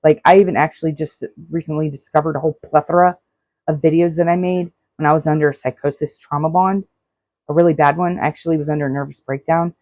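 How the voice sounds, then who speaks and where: A woman's voice: low voice, steady tone, quick pace, darkish tone, no echo. A woman in her forties hosting a solo self-help podcast, talking earnestly and repeating her advice. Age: 40s. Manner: earnest, repetitive, advice-giving. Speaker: podcast host.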